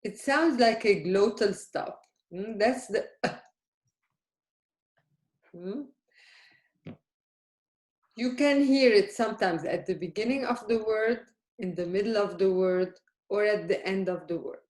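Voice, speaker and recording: A woman teaching a beginners' language class, speaking slowly and carefully. She keeps checking in with her students, and the room around her rings with echo. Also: medium pitch, a little mellow. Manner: patient, questioning, checks understanding often. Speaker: Arabic teacher. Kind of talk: live beginner language lesson. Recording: echoey room.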